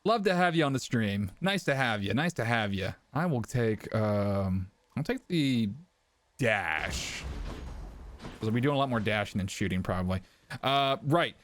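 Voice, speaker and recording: A man's voice: medium pitch, expressive, measured pace, fairly bright tone. A young man streaming a game, chatting casually, rambling off topic with profane jokes. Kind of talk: casual gameplay commentary.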